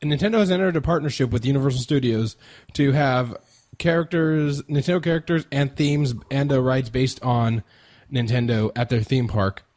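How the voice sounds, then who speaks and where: A man's voice: mid-range voice, normal speed, darkish tone. A man guesting on a casual podcast, joking at his own expense and stumbling over his words when flustered. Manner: self-mocking, stammers when flustered.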